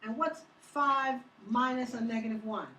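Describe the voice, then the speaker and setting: A woman's voice: fairly high pitch, fairly even intonation, moderate pace, pushed and bright, a little hiss or hum. A woman teaching math to a class, upbeat and teasing, asking students questions as she works through problems. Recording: echoey classroom from far off.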